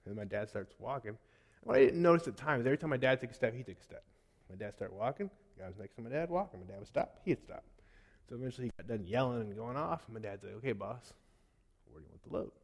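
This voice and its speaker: A man in his thirties giving a testimony in a sermon, telling a story with animated swings between loud and soft, then reciting a poem. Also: medium pitch, fast. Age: 30s. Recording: long hall reverb.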